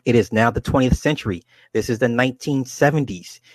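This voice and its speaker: A man reading the lines of a woman clairvoyant in a trance, in slow, measured pronouncements. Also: medium pitch, dry recording, lightly acted. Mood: solemn.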